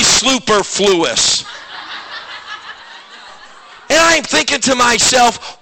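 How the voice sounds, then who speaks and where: A man preaching a sermon as pastor, telling animated, self-mocking stories with sudden shouts. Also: high voice, unhurried, background noise.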